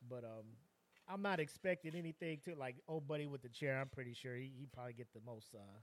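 A man's voice: medium pitch, quick pace, slight background noise. A man co-hosting a podcast in casual chat, laid-back and slangy, giving his take after his partner's story. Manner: laid-back, slangy, reacts with short interjections. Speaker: podcast co-host.

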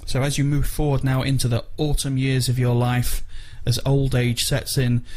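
A man reads out a birthday greeting in a steady, measured way. His tone carries some dry teasing. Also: mid-range voice. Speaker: friend sending a birthday message. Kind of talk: recorded voice message.

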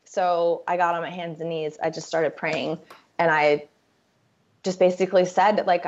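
A woman telling her personal story as an interview guest, candid and halting, with fillers and restarts. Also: lowish voice, level tone. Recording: dull lo-fi sound.

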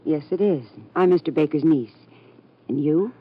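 A deadpan, low-voiced young woman. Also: moderate pace, slightly rough. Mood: sardonic. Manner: dry, deadpan. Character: sardonic young woman, cool and mocking. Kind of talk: 1950s radio drama acting. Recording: dull lo-fi old radio recording.

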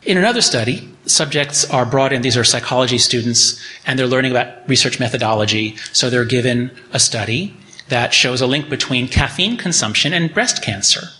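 A middle-aged man lectures to a room and reads from his book, his voice bright and forward. He turns animated when he acts out the people he quotes, then drops back to plain explaining. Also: medium pitch, a little fast.

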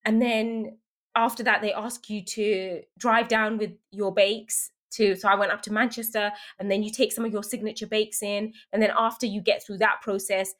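A woman being interviewed, telling lively anecdotes with laughter and quoted voices. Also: medium pitch, moderate pace. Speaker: guest. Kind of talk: casual storytelling interview.

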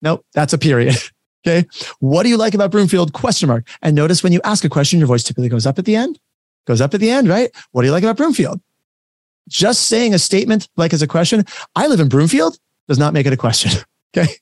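A man runs a live training session over a video call, talking fast and energetically as he acts out little client conversations. The sound is close and dry, with no room around it. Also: medium pitch, a little mellow, dry recording. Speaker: real estate trainer. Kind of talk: live online training talk.

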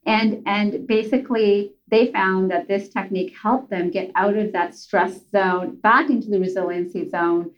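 A woman calmly explaining coping techniques in a casual advice chat, enthusiastic and explanatory. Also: mid-range voice, unhurried, few pauses, muffled recording. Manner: enthusiastic, explanatory, addresses host by name. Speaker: guest expert.

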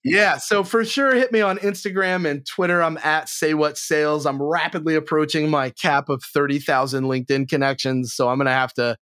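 A man with a fairly high voice talks sales training with blunt energy. He swears freely and jumps up in pitch to stress his points. The sound is dry and close. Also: fairly even intonation, normal speed, few pauses, a bit bright, clean tone, dry recording. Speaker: sales trainer, podcast guest. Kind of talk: casual interview chat.

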